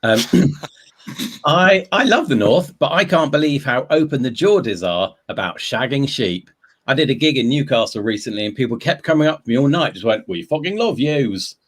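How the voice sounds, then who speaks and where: Man, British, comedian, husky, lively pitch, deadpan. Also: moderate pace. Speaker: comedian panelist. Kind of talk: stand-up style joke.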